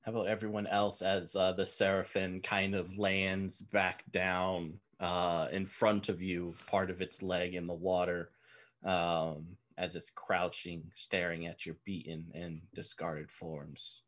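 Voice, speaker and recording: A man running a tabletop game as game master, describing scenes softly and unhurriedly with many pauses and ums. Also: sits low, flat delivery.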